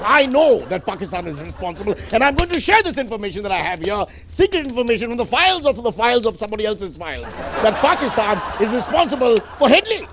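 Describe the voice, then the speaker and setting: A man plays a blustering television anchor in a satirical sketch. He talks fast and high with a bouncing, lively pitch. Crowd noise from a studio audience sits behind him. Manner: loud, repetitive, bombastic. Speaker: news anchor in a comedy sketch. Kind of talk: parody of a shouting TV debate anchor.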